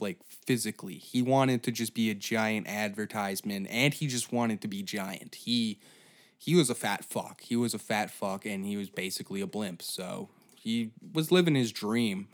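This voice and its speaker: A man hosting a comedy podcast, telling a story in a profane, rambling, sarcastic way. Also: on the low side. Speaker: podcast host.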